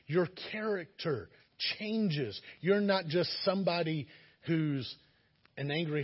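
A man's voice: on the high side, breathy edge, highs cut off. A man preaching a sermon, earnest and exhorting, sometimes acting out the voices of listeners. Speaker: pastor.

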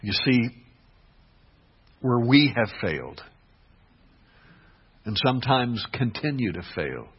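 Husky-voiced man preaching a sermon. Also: medium pitch, big pitch swings, slow pace, pauses often. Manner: dynamic preaching, swings from hushed to emphatic. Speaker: pastor. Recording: dull lo-fi recording.

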